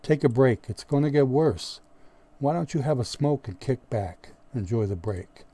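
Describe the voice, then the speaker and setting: A man voicing a hard-nosed, moody male squad leader in an audiobook, gruff and menacing, with sudden roaring outbursts. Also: medium pitch, lively intonation, moderate pace, dark tone, lightly acted. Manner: gruff, menacing, erupts into roars. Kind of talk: audiobook character voice.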